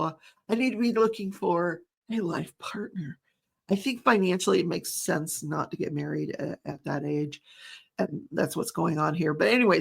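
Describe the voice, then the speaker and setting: Chatty woman with a gravelly edge. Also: lowish voice, fairly bright tone. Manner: chatty, rambling, laughs often. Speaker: true crime commentator. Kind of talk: casual recap of a trial.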